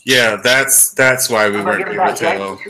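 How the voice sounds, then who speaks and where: A man's voice: on the low side, measured pace, bright, forceful tone, slight background noise, rough recording. A man co-hosting a podcast, making incredulous, wisecracking remarks. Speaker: podcast co-host. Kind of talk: casual chat.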